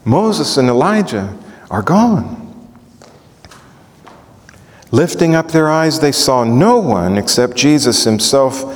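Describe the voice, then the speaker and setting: A man's voice: medium pitch, slow, long pauses. A male preacher teaching from the Bible, asking questions as he goes. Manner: animated, asks the audience questions. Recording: echoey hall.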